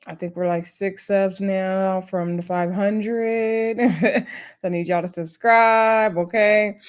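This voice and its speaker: A tired woman hosting her own channel, recapping a reality show in a casual, chatty way with lots of "y'all" and quick laughs. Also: mid-range voice. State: tired, up late. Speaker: YouTube host recapping reality TV.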